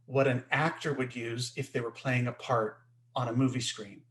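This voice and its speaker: Male webinar co-host, middle-pitched voice, teaches in an emphatic explaining style over a video call. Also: steady tone, normal speed, fairly bright tone. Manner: explanatory, emphatic, checks in with "right?".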